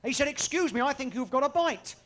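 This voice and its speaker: High, lively-voiced bawdy comedian. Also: male voice, fairly quick. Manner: cheeky, bawdy banter with the audience. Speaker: stand-up comedian. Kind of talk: stand-up comedy routine. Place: live comedy venue with audience.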